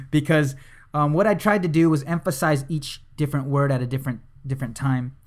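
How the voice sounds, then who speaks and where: A young man teaching hypnosis in a relaxed, conversational way, with frequent fillers and restarts. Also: on the high side, normal speed. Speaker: hypnosis instructor. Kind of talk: casual instructional talk to camera.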